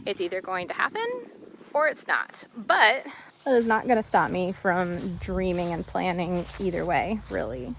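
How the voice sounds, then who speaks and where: A woman's voice: lowish voice, moderate pace, gravelly, a bit bright, slight background noise, rough recording. A woman vlogging outdoors on her homestead, talking candidly and with animation to the camera, laughing often. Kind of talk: casual talk to camera.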